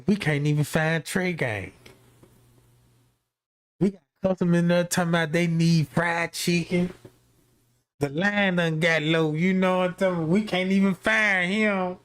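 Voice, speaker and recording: A man's voice: sits high, fairly even intonation, a little slow, a bit bright, clean tone. A man telling a rambling, profane comic story in slangy street talk, full of fillers like "you know what I'm saying".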